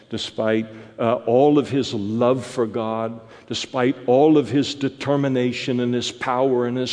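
A man preaching a verse-by-verse sermon, pausing often on fillers and restarts, then building to emphatic peaks. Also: mid-range voice, darkish tone, in a large hall.

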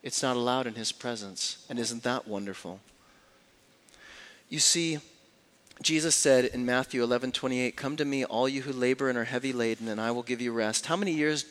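A man preaching a sermon as a pastor, swinging between hushed, slow lines and loud, raised passages. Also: mid-range voice.

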